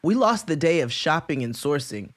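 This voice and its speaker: A man co-hosting a podcast, telling a long story in casual chat, acting out quotes in high voices and laughing often. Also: very animated, moderate pace, dry recording, studio quality. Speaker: podcast co-host.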